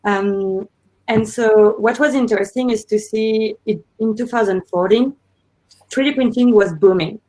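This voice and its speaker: A woman's voice: fairly high pitch, unhurried, dark tone. A woman founder speaks on a panel, explaining her points earnestly with small fillers. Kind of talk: panel discussion. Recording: muffled lo-fi audio.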